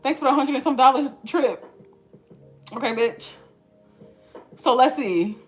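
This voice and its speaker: A woman's voice: sits high, a little slow, soft background music. A young woman in her twenties telling a story to her viewers in casual, slangy chat, laughing often. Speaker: vlogger.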